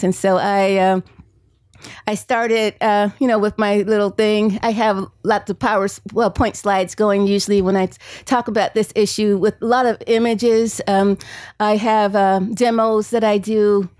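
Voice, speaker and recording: A woman's voice: medium pitch, flat delivery, a little slow, a little mellow, no echo. A woman author and psychology professor giving a storytelling book talk at a bookstore event, chatty, laughing often and acting out the quotes.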